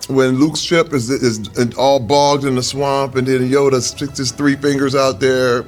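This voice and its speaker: A man's voice: medium pitch, fairly even intonation, measured pace, faint music behind. A man being interviewed over a meal, telling earnest, reflective stories. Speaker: interview guest.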